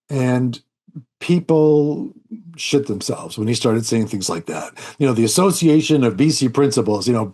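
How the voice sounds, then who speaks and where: A man's voice: mid-range voice, big pitch swings, normal speed, a little mellow. An older man from Canada, a guest in an interview, telling long stories in a rambling way with many ums, restarts and wry asides. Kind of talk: storytelling interview.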